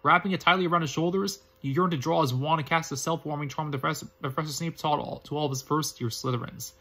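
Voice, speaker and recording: Fast husky man reading with frequent slips. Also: fairly high pitch, steady tone, sharp tone. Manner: halting, frequent restarts and slips. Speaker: reader. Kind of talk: reading a fan story aloud.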